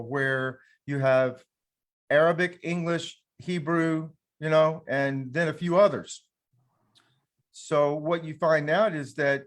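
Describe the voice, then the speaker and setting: A man with a Southern American accent hosting a casual panel discussion, talking in a folksy, conversational way with frequent restarts. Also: fairly high pitch. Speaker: panel host and teacher.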